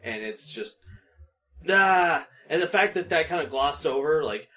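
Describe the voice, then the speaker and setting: A man's voice: fairly high pitch, animated, unhurried, sharp tone. Profane ranting young man. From United States. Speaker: podcast co-host. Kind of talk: casual chat.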